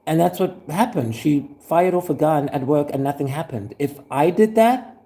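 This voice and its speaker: An actor playing a suspicious, aggrieved former teacher who rambles with fillers and chuckles. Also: male voice, fairly high pitch, normal speed, mellow, natural voice. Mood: rambling aggrieved. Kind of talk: scripted monologue.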